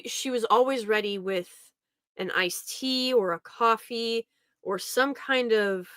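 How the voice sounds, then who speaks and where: A woman's voice: medium pitch, fairly bright tone, dry recording, studio quality. A young woman telling a family story in a casual, rambling way, often laughing as she talks. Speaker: podcast host.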